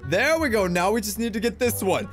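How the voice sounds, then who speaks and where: High-voiced frustrated young gamer man. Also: animated, brisk, fairly bright tone, soft background music. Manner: frustrated, exclaiming, rambling self-talk. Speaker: gaming YouTuber. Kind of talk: let's play commentary.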